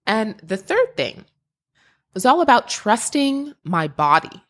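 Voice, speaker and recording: Animated woman giving a motivational talk. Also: a little high, takes it slowly. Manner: emphatic, repeats phrases, addresses listener directly. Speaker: podcast host and creativity mentor. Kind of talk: motivational podcast monologue.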